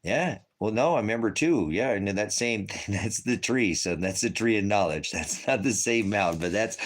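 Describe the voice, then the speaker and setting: A man's voice: on the low side, expressive, moderate pace. An older man giving an emotional, rambling spiritual testimony, laughing and tearing up as he preaches. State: tearful.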